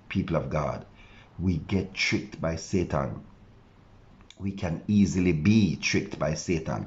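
A man's voice: deep voice, a little mellow, highs cut off. A male pastor preaching an earnest devotional sermon, now and then voicing the objections of his listeners.

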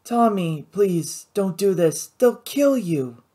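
A reader plays a frightened young woman with a soft, higher voice. She speaks gently and pleads with despair. This is audiobook character work. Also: animated, takes it slowly.

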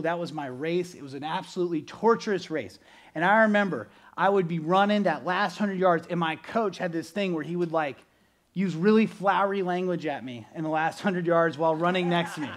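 A man preaching a sermon as pastor, animated, swinging between loud bursts and quiet, earnest stretches. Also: fairly high pitch.

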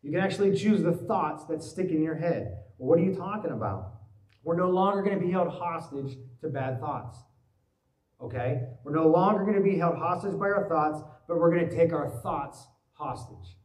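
Animated pastor with a higher voice in an echoey church. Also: male voice, normal speed. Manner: animated storytelling, acts out worried voices. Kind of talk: sermon. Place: church sanctuary. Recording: echoey church hall, mic at a distance.

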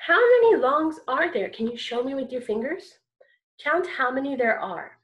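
A woman's voice: high voice, expressive, moderate pace, fairly bright tone, lo-fi sound. A woman teaching an online kindergarten music lesson, encouraging and singsong as she chants rhythms.

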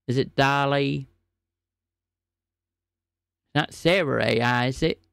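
A man's voice: mid-range voice, takes it slowly, creaky, fairly bright tone, clean tone, dry recording, studio quality. A man live-streaming a scambaiting call, teasing and playing mock-innocent. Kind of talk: live scam-call banter.

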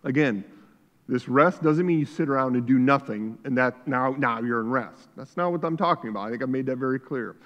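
A man preaching a sermon as pastor, shifting between quiet reflection and loud fervor, recorded in a church sanctuary. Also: mid-range voice, fairly quick, muffled recording. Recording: church hall reverb.

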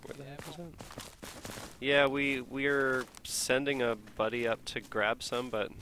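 A man leading a mortar squad over in-game voice chat, talking casually with profanity and halting restarts. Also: medium pitch, little pitch movement, slight background noise. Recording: voice chat over loud gunfire.

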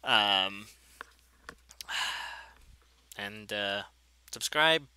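Bright-voiced man commentating gameplay. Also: on the low side, drawn-out words, clean tone, low-quality recording. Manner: rambling, self-deprecating, easily excited. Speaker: gameplay video creator.

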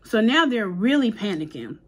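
A woman recapping a crime drama episode in a chatty, animated way, slipping into the characters' quotes with casual slang. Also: mid-range voice, normal speed, husky. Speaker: TV episode reviewer.

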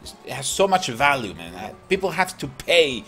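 A man hosting a gaming channel, chatting excitedly and laughing as he comments on a mobile cooking game. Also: medium pitch, moderate pace. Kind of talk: casual gameplay commentary. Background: game music.

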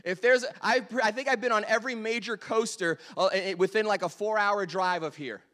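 A man in his thirties preaching a sermon, joking with the congregation and swinging between loud bursts and quiet asides. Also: high-pitched, brisk. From Delaware, US. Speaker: pastor.

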